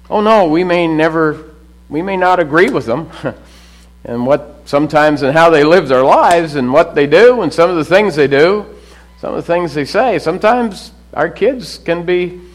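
Man, middle-aged, pastor preaching, fairly high voice, loud-to-hushed swings. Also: poor audio. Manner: dramatic swings between loud emphatic lines and low hushed drops. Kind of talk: sermon.

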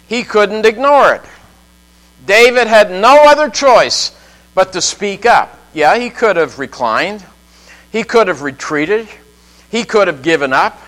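A man preaching a sermon in a church, emphatic with dramatic pauses and frequent chuckles. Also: high-pitched, fairly bright tone, rough recording. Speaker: pastor.

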